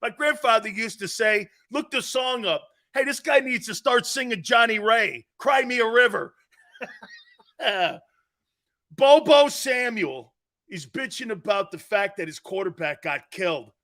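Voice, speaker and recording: A man hosting a sports talk show, ranting in a loud and mocking way. His voice sits very high and swings widely. It sounds bright and edgy, and he talks at an unhurried pace. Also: expressive. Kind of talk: sports opinion rant.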